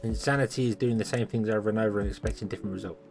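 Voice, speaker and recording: A man's voice: on the low side, fairly even intonation, racing, darkish tone, faint music behind. Tired man streaming a game. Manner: rambling, thinks aloud with many fillers. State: tired, yawning. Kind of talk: casual gameplay commentary.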